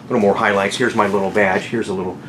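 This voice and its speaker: A middle-aged man telling stories about his car sales career in a casual vlog, excited, often laughing and acting out what people said. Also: lowish voice, fast talker, roomy sound, a little hiss or hum. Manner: excitable, laughing, acts out quotes. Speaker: car salesman and channel host.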